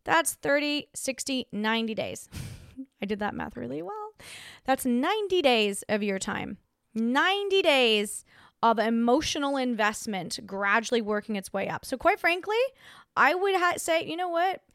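Young female podcast host, higher voice, dry close mic, sassy and blunt casual advice. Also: big pitch swings, normal speed, a bit bright, clear, resonant tone, no room sound.

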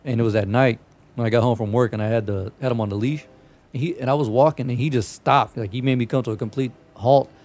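A man's voice: mid-range voice, fairly even intonation, fast talker, a little mellow. A young man hosting a podcast, telling stories in a casual, profane way and often breaking into laughter. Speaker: podcast host. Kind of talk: casual chat.

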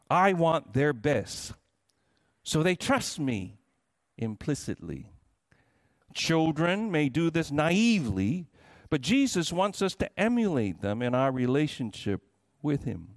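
A man's voice: high-pitched, no room sound, clean studio sound. A man preaching a sermon in an earnest, questioning, emphatic way. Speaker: pastor.

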